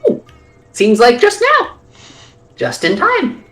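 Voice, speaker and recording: A man's voice: very high voice, huge pitch swings, takes it slowly, fairly bright tone, roomy sound, soft background music, voice pushed up, full character voice. A man voicing an old, blind female orc witch who sells potions, in a sing-song manner. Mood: cooing.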